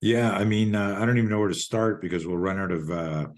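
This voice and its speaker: A man in his sixties, a guest on a video call, telling a personal story in a lively way and swearing freely. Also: fairly low pitch, fast. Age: 60s. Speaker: guest, self-defense expert.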